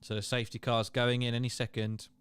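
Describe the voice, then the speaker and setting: A man's voice: mid-range voice, little pitch movement, fast, clean tone, no room sound. A man hosting a casual live watchalong, chatting and reading viewer comments aloud. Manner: chatty, reads chat aloud, laughs and exclaims. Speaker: livestream host.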